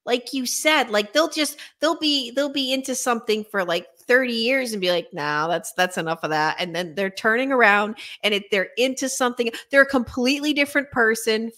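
A woman hosting a casual conversation as a coach, animated and quick to laugh, often repeating words. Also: fairly high pitch. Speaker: podcast host and coach.

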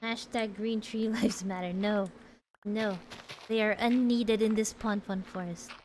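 A woman's voice: medium pitch, fairly even intonation, unhurried, a little mellow, a little hiss or hum, low-quality recording. A woman streaming a game, chatting casually, answering chat and laughing often.

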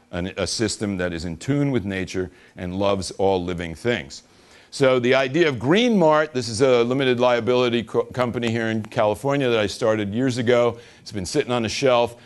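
A man giving a casual, joking talk to an audience at an event, laughing along with them. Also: medium pitch. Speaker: speaker at a business event.

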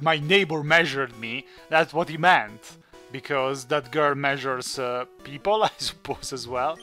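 A gaming channel host, not a native English speaker, chats and jokes through his let's play in a slightly high, sharp-toned voice. He's chatty and jokey and thinks aloud.

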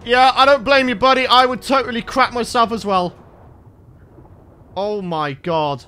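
A man's voice: very high-pitched, unhurried, sharp tone, clear, resonant tone. A man hosting a let's play, talking nervously and exclaiming often as he plays. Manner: jittery, exclaims and repeats himself when scared. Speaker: gaming channel host.

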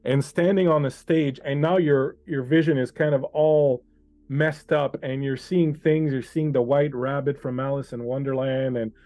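A man running a tabletop game as game master, narrating scenes to a player in an unhurried, second-person way over an online call. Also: medium pitch, fairly even intonation, dark tone, dry recording.

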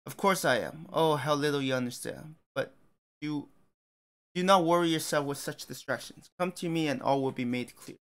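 A man's voice: on the high side, normal speed, fairly bright tone. A man voicing a commanding, condescending male god who speaks in a grand, lofty way.

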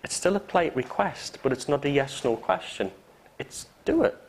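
A man's voice: medium pitch, expressive, moderate pace, low-quality recording. A man with a Geordie accent teaching hypnotherapy to a live class, joking and acting out example phrases. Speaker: hypnotherapy trainer. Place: training room with students.

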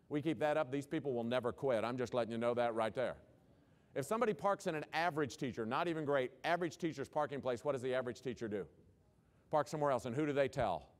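A man giving a humorous, animated conference keynote and asking the audience questions. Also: medium pitch. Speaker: keynote speaker.

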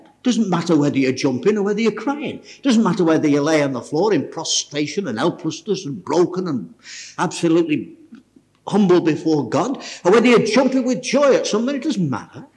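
A man's voice: high-pitched, big pitch swings, moderate pace, a little mellow. An older man preaching an informal sermon to a church meeting, folksy and exclamatory, often chuckling as he talks.

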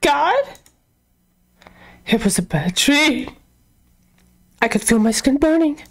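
A woman's voice: high voice, expressive, slow. A young woman, chatting and reacting as she plays a horror game, talking to herself and shrieking when scared. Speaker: gaming YouTuber. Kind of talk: casual let's-play commentary.

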